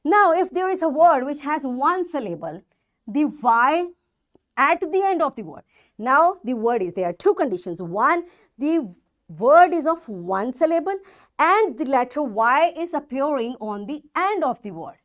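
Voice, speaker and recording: A woman with a Pakistani English accent and a high-sitting voice teaches children a recorded phonics lesson. She patiently repeats example words and checks that the kids are keeping up.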